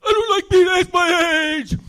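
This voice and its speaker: Shouting cranky old man. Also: normal speed. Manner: shouting, high strained voice.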